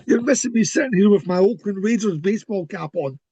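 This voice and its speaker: A Scottish man in his fifties chats as an interview guest over a call. He is friendly and self-deprecating with a high-pitched voice, and the sound is dry and close. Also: lively intonation, fairly quick, dark tone, breathy edge, no room sound, dull audio. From Scotland. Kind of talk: casual interview chat. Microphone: remote call audio.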